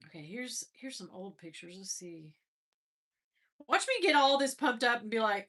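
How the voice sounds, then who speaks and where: Chatty middle-aged woman, bright voice. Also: on the high side, very animated, a little slow, long pauses. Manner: chatty, laughing, exclaiming. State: stuffy nose after crying. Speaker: livestream host. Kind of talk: casual livestream chat.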